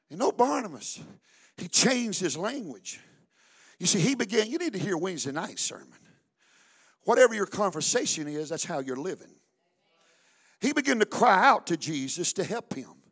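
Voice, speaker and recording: A male pastor, preaching a fervent sermon that builds to shouts. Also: high-pitched, big pitch swings, moderate pace, pauses often, breathy edge.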